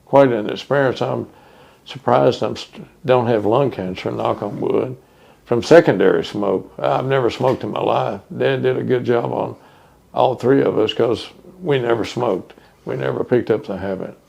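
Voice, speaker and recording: Gravelly older man reminiscing. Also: mid-range voice, darkish tone, lo-fi sound. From Texas. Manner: reminiscing, unhurried with many fillers. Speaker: interviewee. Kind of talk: oral history interview.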